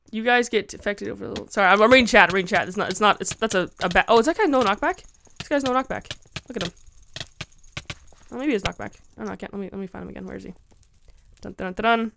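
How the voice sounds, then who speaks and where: A woman's voice: medium pitch, quick pace, creaky, long pauses, a bit bright, slight background noise. A woman giving casual, giggly commentary while playing a game and talking to her chat, squealing when she is attacked. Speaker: Minecraft let's-play gamer.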